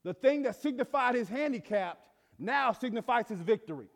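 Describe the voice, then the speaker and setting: A man's voice: very high-pitched, lively intonation, moderate pace, gravelly, big-room sound. A male pastor preaching a sermon emphatically, often stammering and restarting his phrases.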